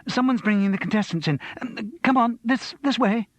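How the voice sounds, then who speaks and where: A man's voice: medium pitch, animated, normal speed, slightly rough, no echo. A man voicing a flustered young woman who works in television, speaking in urgent, breathless hisses. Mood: panicked. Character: flustered young woman TV researcher herding guests.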